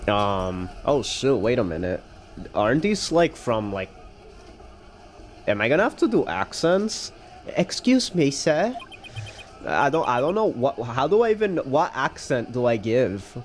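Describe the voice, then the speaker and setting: A man streaming a game playthrough live, chatting in an excitable, rambling way. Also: mid-range voice, measured pace, slight background noise.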